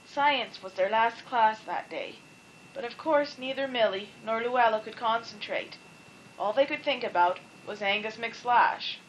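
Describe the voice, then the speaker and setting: A woman reading a children's storybook aloud in a playful, expressive way. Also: on the high side, measured pace, a little hiss or hum, poor audio. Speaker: storybook reader.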